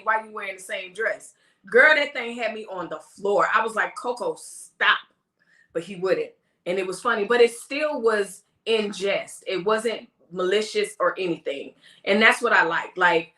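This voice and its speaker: A woman hosting a casual live-stream chat, animated and laughing, mimicking the people she talks about. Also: medium pitch, echoey room. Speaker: host of a live talk stream.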